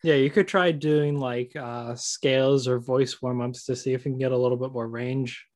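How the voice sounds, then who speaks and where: A man's voice: mid-range voice, fairly even intonation, a little mellow. A man co-hosting a casual chat, playful and eager to join in a joke. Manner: playful, quick to join in a bit. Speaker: podcast co-host.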